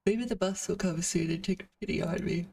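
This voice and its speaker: A woman's voice: fairly low pitch, fairly quick, creaky, dark tone, slightly rough, distant mic. A woman streamer reading a visual novel aloud, with casual asides between the narration.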